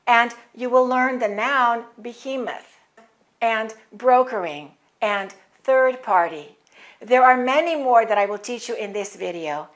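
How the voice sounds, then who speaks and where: Woman ESL teacher, fairly high-pitched, precise deliberate diction. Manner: clear, deliberate enunciation with model words for repeating. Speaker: English teacher. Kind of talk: scripted pronunciation lesson.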